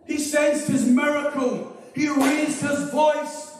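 A Glaswegian man preaching a fervent sermon as pastor, repeating his lines in rising call-and-response and often breaking into shouts. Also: extremely high pitch, flat delivery, slow, a little hiss or hum. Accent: Glaswegian Scottish. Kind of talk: impassioned sermon. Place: large church hall. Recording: echoey hall, distant mic, congregation. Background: congregation responding.

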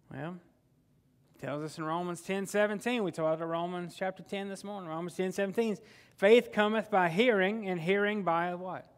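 High-voiced pastor preaching. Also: male voice. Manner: conversational preaching with call-and-response questions. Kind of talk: sermon.

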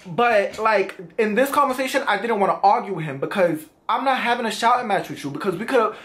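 A man's voice: high-pitched, lively intonation, fairly quick, fairly bright tone. A young man vlogging, animatedly retelling a confrontation in casual slang, acting out what was said. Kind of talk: storytime vlog.

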